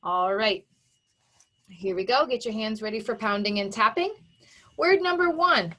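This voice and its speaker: A woman teaching a phonics lesson to young children, sounding words out slowly and emphatically and praising their work. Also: medium pitch, animated, sharp tone. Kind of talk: slow, exaggerated phonics dictation for young children.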